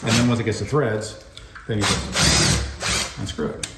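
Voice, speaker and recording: A man hosting a home renovation vlog, demonstrating fixes in a deadpan, joking way. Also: lowish voice, measured pace. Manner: deadpan jokey, puns and mock anger. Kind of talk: joking DIY how-to vlog. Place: house under renovation, indoors. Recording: echoey bare room, faint noise.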